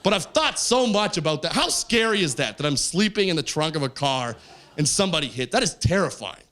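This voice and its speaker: A man in his forties from Canada, performing stand-up on stage, telling stories animatedly and jumping into loud, high character voices. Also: sing-song, a little fast. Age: 40s. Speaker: stand-up comedian. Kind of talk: stand-up storytelling. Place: stage of a comedy show.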